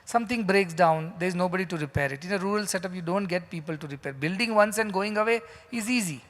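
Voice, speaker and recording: A man's voice: high-pitched, fast talker, a bit bright. A man giving a sermon as a spiritual teacher in a large hall, emphatic and full of rhetorical questions. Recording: long hall reverb.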